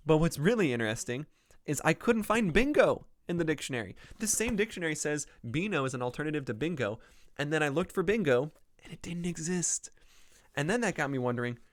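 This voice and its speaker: A man chats his way through a solo podcast, wandering from thought to thought with plenty of ums and likes. His voice sits at an ordinary pitch and sounds smooth and clear. The recording is dry and close. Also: dry recording. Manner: rambling, with many ums and likes. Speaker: podcast host. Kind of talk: casual solo podcast chat.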